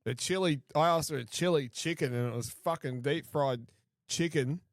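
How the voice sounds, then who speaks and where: A man's voice: on the high side, moderate pace, dry recording, studio quality. A man in his forties, co-hosting a podcast in laid-back, crude casual chat, laughing often. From Australia. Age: 40s. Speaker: podcast co-host.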